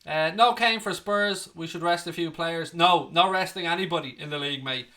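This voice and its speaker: Bright-voiced man bantering with chat. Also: fairly high pitch, moderate pace. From Ireland. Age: 30s. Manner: banter, swearing, joking with viewers. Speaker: fan channel host reading live chat. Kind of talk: casual livestream chat.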